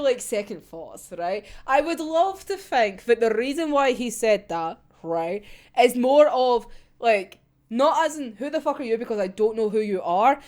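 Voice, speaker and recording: A young woman chatting casually as she reviews a comic chapter, excitable and sweary, often breaking into laughter. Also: high voice. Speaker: manga reaction vlogger.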